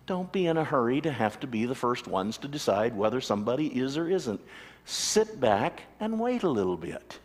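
A man preaching a sermon as a pastor, animated storytelling with acted-out voices. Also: mid-range voice, normal speed. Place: church sanctuary. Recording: long church reverb.

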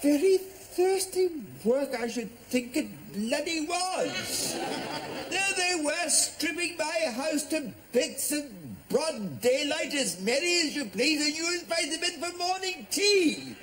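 A man's voice: extremely high pitch, expressive, slow pace, fairly bright tone, a little hiss or hum, exaggerated voice, poor audio. An actor playing an exasperated older man who splutters and repeats himself in disbelief, in a sitcom. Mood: incredulous. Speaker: burgled neighbour. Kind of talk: sitcom acting.

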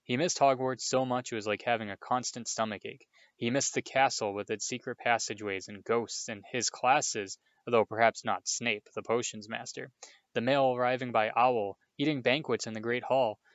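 A man reading a chapter book aloud to a listener, relaxed with informal asides. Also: medium pitch, moderate pace, no room sound, dull audio. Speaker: reader.

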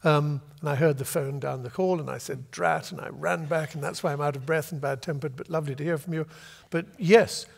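An older man from Britain, an author telling a long, lively anecdote to a festival audience and acting out the voices he quotes. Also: on the high side, fairly quick, gravelly, few pauses, breathy edge, in a large hall. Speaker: author guest. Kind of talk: storytelling at a festival talk. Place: festival venue before an audience.

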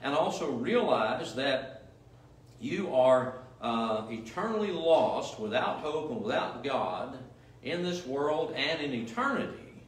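A man's voice: medium pitch, animated, slow pace. Emphatic preaching man, echoey church. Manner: emphatic, repetitive preaching with rhetorical questions. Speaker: pastor. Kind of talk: sermon. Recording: echoey room, mic at a distance.

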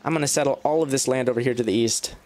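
A man giving casual, chatty commentary on his gameplay. He talks straight to the game's units and jumps up in pitch when he gets excited. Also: very fast. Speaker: let's play gamer.

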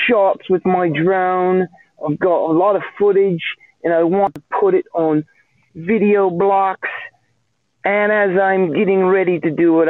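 Male caller, high voice, hammy fake British accent, tinny dry phone-line voicemail. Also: vocal fry, dry recording. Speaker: listener calling in a question.

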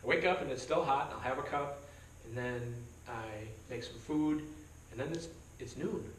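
With a mid-range voice at normal speed, this man is a pastor guiding a chatty verse-by-verse Bible study, complete with jokes and acted-out voices from the text. A little hiss or hum is present, and the church meeting room makes the distant recording sound roomy with faint background.

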